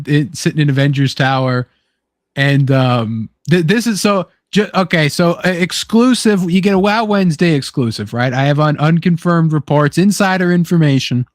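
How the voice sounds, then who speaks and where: A young man with a slightly high voice chats excitedly as host, swearing freely and acting out little quoted lines. The sound is dry and close, with no room around it. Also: dry recording. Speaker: podcast host. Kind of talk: casual chat.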